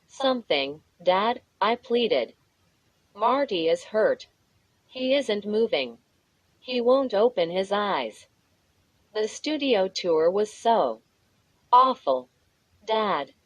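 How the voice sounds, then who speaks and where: A woman reads a children's horror story at an unhurried, deliberate pace. Her voice is close and dry, with no room sound around it, and she sometimes reads the punctuation marks out loud. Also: mid-range voice, dry recording, poor audio. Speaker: narrator.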